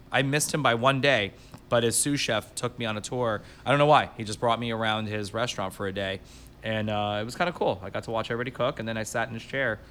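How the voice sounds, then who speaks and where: A man's voice: fairly low pitch, pushed and bright, slight background noise. A man hosting a casual podcast, telling rambling stories and swearing freely. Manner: profane, rambling storyteller. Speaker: podcast host.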